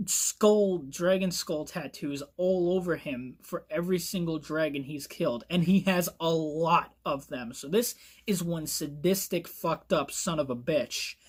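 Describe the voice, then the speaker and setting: A man doing a loose, casual book review vlog. He talks excitably and swears a lot. He keeps breaking into laughter as he goes. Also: sits high. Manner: excitable, profane, laughs often.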